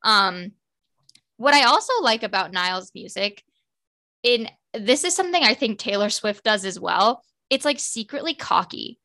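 Young woman gushing about music, lots of likes, bright clear voice. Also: medium pitch, expressive. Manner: fan-girly, quick, lots of "like" fillers. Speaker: podcast co-host. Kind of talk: casual chat.

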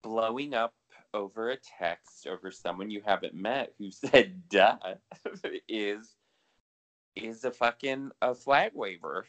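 Low-pitched guy cohosting a podcast, chatty, curses a lot, dry sound. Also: slow pace, fairly bright tone, no echo. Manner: chatty, swears freely, laughs often. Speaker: podcast co-host. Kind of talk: casual chat.

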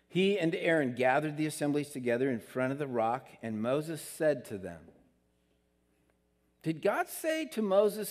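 A pastor with a medium-pitched, darkish voice preaches a sermon earnestly and conversationally, rising emphatically on his key points. The recording carries a long hall reverb.

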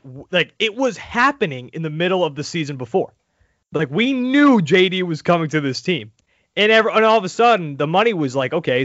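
A man hosting a casual sports podcast, talking in an animated, crude way with laughing asides. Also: high-pitched, dry recording. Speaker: podcast host. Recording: dull lo-fi audio.

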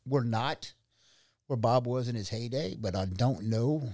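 Middle-aged man, restaurant owner, lively storyteller, dry close sound. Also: mid-range voice, unhurried, no room sound. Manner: animated, acts out quoted dialogue. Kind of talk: conversational storytelling.

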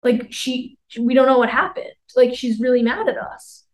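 A young woman in her twenties, co-hosting a podcast, tells a wandering story at normal speed, full of "like" and acted-out quotes. Her voice sits a little high, and the audio quality is poor.

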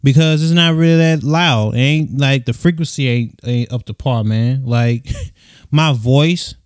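Young man, podcast host, quiet voice, slangy and rambling, clean resonant tone, USB mic, dry sound. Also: a little slow, no echo. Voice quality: soft, low-key voice. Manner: rambling, slangy, swears freely, many fillers. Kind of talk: casual solo podcast. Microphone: USB microphone into a phone.

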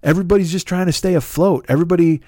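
High-voiced man in a profane rant. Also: racing, mellow, no echo, studio quality. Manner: profane, sarcastic, exasperated. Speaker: podcast host. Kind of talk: ranting monologue.

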